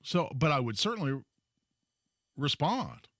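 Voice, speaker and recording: A man hosting a talk radio show, telling a story in an emphatic, animated way. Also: on the high side, a little slow, no room sound, studio quality. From Indiana, US. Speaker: radio host.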